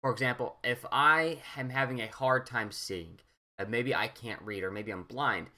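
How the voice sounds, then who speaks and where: A man's voice: mid-range voice, normal speed, sharp tone. A young man walking students through a coding lesson in a casual, rambling way, often checking in with "right?". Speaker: teacher. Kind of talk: screen-recorded coding walkthrough.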